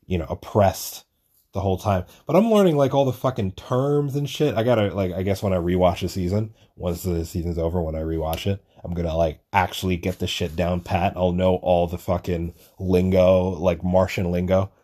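A man's voice: sits low, moderate pace, mellow. A young man rambling through a casual solo monologue, swearing often and joking at his own expense. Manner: rambling, swears a lot, self-deprecating. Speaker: podcast host.

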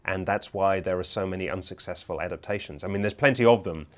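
A man answering interview questions in a measured, explanatory way, with frequent fillers. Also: low-pitched. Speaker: filmmaker in an interview clip.

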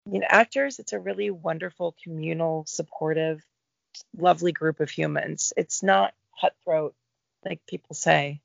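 A middle-aged woman, a guest actor, talking in a relaxed, reflective interview about her career. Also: on the low side, creaky, no echo, lo-fi sound. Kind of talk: casual interview chat.

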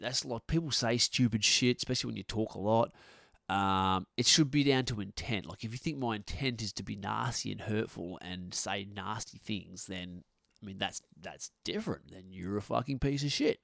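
A middle-aged man riffs on his podcast, his low voice gravelly with fry. He talks bluntly and swears freely, circling back and restarting his sentences. His voice is dry and close. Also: normal speed, a bit bright, no echo. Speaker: podcast host. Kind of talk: casual podcast rant. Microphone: podcast microphone.

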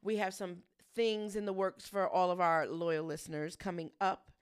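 A woman's voice: lowish voice, moderate pace, clear, resonant tone. A middle-aged woman co-hosting a podcast, joking and teasing in casual chat before wrapping up the episode. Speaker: podcast co-host.

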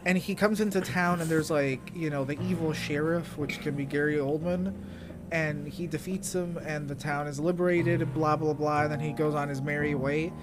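Opinionated podcast cohost, stammers and restarts, swears, music clearly playing under. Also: mid-range voice, steady tone, normal speed. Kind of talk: casual chat.

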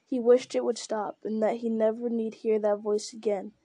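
A woman reads a story aloud in a steady, measured way. Her voice is warm and mellow, slightly high. The sound is dry and close to the microphone. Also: dry recording. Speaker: audiobook narrator. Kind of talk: scripted narration.

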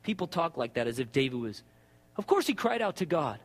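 A man preaching a sermon with passion, dropping to hushed tones and rising to shouts. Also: on the high side, very animated, a little fast. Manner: impassioned, swings between hushed and shouting. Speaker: pastor.

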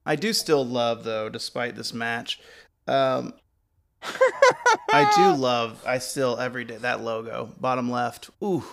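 A man's voice: medium pitch, a little slow, creaky. A man co-hosting a casual chat while watching wrestling, telling stories and joking. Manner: joking, animated storyteller. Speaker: podcast co-host.

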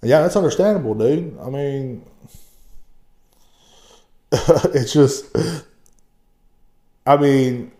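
Male podcast host, young adult, crude rambling rant, mid-pitched voice. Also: animated, extremely slow, long pauses, mellow. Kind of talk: casual rant.

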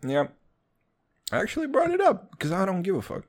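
A young man with a sing-song voice, speaking at a moderate pace, hosts a podcast in a casual, rambling chat. He swears a lot and jokes around while jumping across topics, his pitch swinging wildly.

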